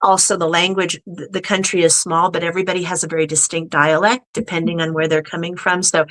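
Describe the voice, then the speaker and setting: A woman's voice: lowish voice, level tone, fast, a bit bright. A woman guest in casual conversation, chatty and acting out the people she quotes. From United States. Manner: chatty storyteller who acts out quoted people. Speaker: podcast guest.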